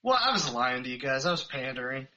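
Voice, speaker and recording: A man's voice: mid-range voice, big pitch swings, quick pace, bright, forceful tone, lo-fi sound. A man co-hosting a casual podcast chat, joking and teasing the others.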